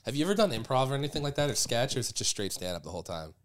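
A man's voice: medium pitch, sing-song, rapid-fire. A man, a comedian guest on a podcast, ranting casually and profanely in a dry, sardonic way. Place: Chicago podcast studio.

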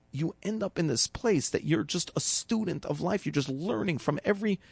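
A man with a gravelly, slightly higher voice, telling a story casually and turning it into a life lesson. He talks loosely, with plenty of ums and restarts, and the recording is dry and close with no room sound. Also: a little mellow, no echo. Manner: loose and conversational, full of fillers and restarts, acting out quotes.

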